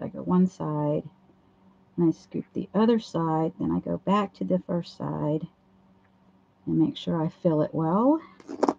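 Hoarse woman, gravelly, dull audio. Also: deep voice, mellow. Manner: chatty, talks through each step while working. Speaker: craft livestream host. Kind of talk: casual livestream demonstration. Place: home craft table.

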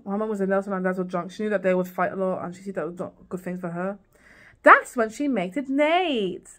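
A woman recapping a TV series in a casual vlog, rambling with lots of fillers and restarts and acting out lines. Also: lowish voice. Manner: rambling, many fillers and restarts, acts out quotes. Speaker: TV series reviewer.

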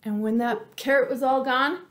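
A woman librarian reading a children's story aloud, expressive and playful, asking the children questions and dropping to whispers. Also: high voice, slight background noise. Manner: animated, slow and expressive, asks the children questions, drops to whispers.

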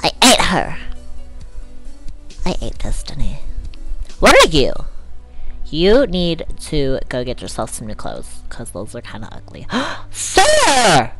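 A spoiled, vain socialite, put on by a woman narrating her gameplay, who drawls slowly in a lowish voice that leaps up and down. She gasps, whines and groans at everything she finds. Faint music plays underneath. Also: huge pitch swings, a bit bright, exaggerated voice. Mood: haughty. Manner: valley-girl drawl, gasps and whiny "ugh"s; screams in furious tantrums. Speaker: gameplay commentator. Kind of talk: let's-play commentary in character.

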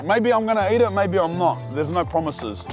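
Young aussie vlogger bloke, high-pitched, slangy and hyped, reviewing truck food outside, faint music under. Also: male voice, moderate pace. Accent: Australian. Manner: excited slangy banter, calls the viewer cuz and bro. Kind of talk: casual food review vlog. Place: outdoors at street food trucks.

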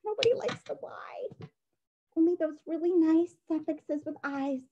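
A woman teacher giving a recorded phonics dictation lesson, playful and spelling things out clearly. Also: very high voice, a little slow, lo-fi sound, background noise.

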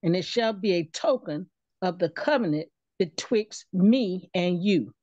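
Deliberate woman reading verses slowly, dry and dull sound. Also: on the low side, expressive, mellow, no room sound. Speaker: scripture reader. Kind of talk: reading scripture aloud.

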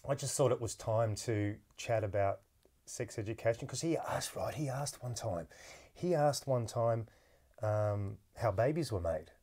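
A podcast host speaks at a measured pace in a medium-pitched, dark voice with lively intonation. Across this casual interview chat at the podcast microphone, he tells stories, laughs readily, and starts over many times.

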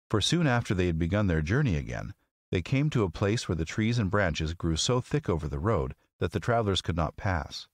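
A man narrating a classic children's story as an audiobook, with an expressive, measured reading. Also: sits low, no echo, clean studio sound.

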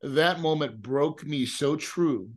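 A man's voice: on the high side, slow pace. A middle-aged man as a podcast guest, telling a personal story in a casual way, repeating words and often asking "right?". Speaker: guest, real estate investor. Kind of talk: emotional storytelling.

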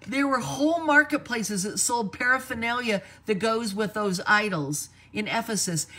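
Animated woman preaching a sermon. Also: fairly high pitch. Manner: animated, acts out quoted voices.

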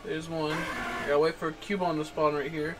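A young man giving let's-play commentary, excitable and swearing a lot, chatting to the creatures on screen and yelling at surprises. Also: fairly high pitch, brisk, noisy background. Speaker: game streamer.

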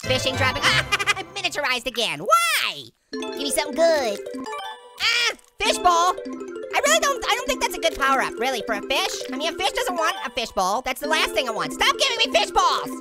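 A man voicing a hyper, pun-loving talking orange, hosting gameplay commentary in a squeaky, sped-up high voice with constant giggly laughs. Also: sing-song, brisk, exaggerated voice. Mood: manic. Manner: manic punning, constant cackling laughs. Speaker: let's play host. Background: game music.

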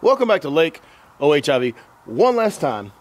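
A young man hosts a fishing vlog from a boat on a lake outdoors, working as guide and host and talking straight to viewers in a chatty, upbeat way. His voice is slightly high, with big pitch swings and a moderate pace.

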